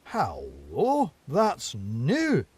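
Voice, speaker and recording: A man's voice: medium pitch, huge pitch swings, very slow, a little mellow, slightly rough, no echo, exaggerated voice. A man voicing a whimsical fox who talks in playful, meandering turns. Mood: musing. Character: whimsical, rambling old male fox poet.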